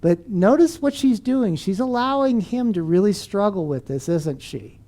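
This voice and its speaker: A man gives a storytelling talk on helping children solve problems. His voice is mellow and warm, and his delivery is animated, full of questions thrown to the listeners. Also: high-pitched, moderate pace. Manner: animated storyteller who asks the audience questions. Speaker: speaker on teaching and parenting.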